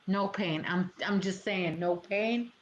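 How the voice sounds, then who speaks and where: Guy doing a squeaky teasing ghost voice, slow, kinda muffled.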